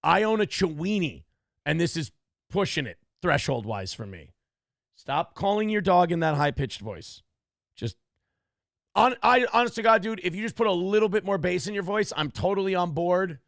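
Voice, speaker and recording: Guy ranting crude jokes on his show, gravelly voice, bouncy pitch, dry sound. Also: very animated, moderate pace, no echo. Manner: crude, profane, mocking rant. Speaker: morning show host. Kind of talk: comedic commentary on a news clip.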